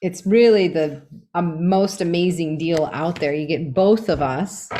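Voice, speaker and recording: A woman's voice: on the low side, a little slow, mellow, slight background noise. A woman co-hosting a livestream as a card reader, talking in a bubbly, scattered way. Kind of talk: casual livestream chat.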